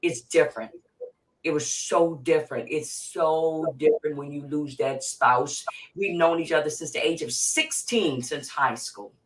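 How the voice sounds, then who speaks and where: She has a low voice and keeps a measured pace: a middle-aged mental health therapist from Virginia, USA, guesting on an interview. The talk is emotional, emphatic, impassioned and repetitive, heard through a distant mic with faint noise.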